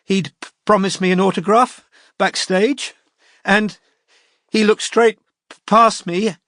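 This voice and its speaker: Guy putting on a high, shaky crying young woman, stammering and pleading, dry audiobook read. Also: fairly even intonation, slow pace, fairly bright tone, dry recording. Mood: tearful pleading. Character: distraught tearful young woman.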